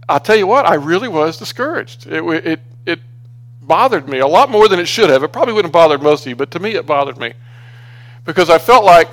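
Man telling a sermon story, fairly high voice. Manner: conversational, restarts often, grows animated when exasperated. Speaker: preacher.

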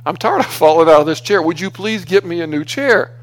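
Fed-up woman secretary, exasperated, raised pitch, put on by a man telling a story. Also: lively intonation, fairly quick, natural voice, rough recording. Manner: exasperated, complaining.

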